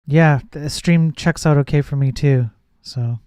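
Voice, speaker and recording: This man's voice sits a little high, slightly slow and a bit mellow, with a clean tone, and he notes it gets nasal when projecting. He codes on a live stream, chatting casually, reading chat, thinking aloud, and trailing off to restart. The sound is dry and studio-clean.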